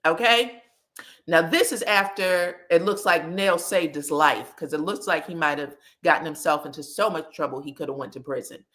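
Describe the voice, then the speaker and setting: A woman hosting a reality TV recap, telling the story in an animated, sassy and profane way. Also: medium pitch. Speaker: host.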